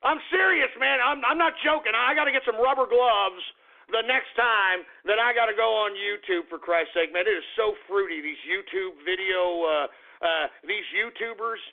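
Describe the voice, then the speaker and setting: A male talk radio host rants in a profane, indignant ramble, with a high-set, gravelly voice. The sound is thin and tinny, like a phone line carried over the air. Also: normal speed. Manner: profane, rambling, indignant rant with repeated "man". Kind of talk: ranting talk radio monologue.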